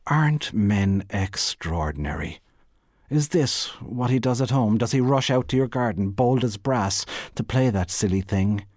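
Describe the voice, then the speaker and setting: A man playing a nervous, polite woman jeweller, her speech slightly raised and quick. The husky tone stays close and dry, a storybook read. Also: fairly low pitch, animated, darkish tone, no room sound, pitched above the performer's own voice. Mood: scornful. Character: flustered, anxious woman jeweller telling white lies.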